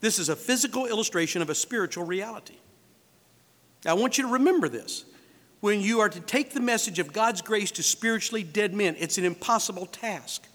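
A man's voice: high-pitched, lively intonation, a little fast, fairly bright tone. A man preaching a sermon as pastor, asking rhetorical questions and acting out the voices he quotes. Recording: reverberant hall.

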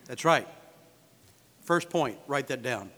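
A man's voice: medium pitch, animated, slow pace, fairly bright tone. A man preaching a sermon as pastor, asking rhetorical questions and acting out the voices he quotes. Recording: reverberant hall.

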